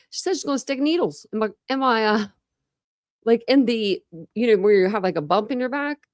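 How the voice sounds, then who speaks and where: With a medium-pitched, creaky voice and a fairly quick pace, this Ohio woman chats loosely through her true crime livestream. She calls out viewers by name and fills her speech with fillers. The recording is dry and studio-clean.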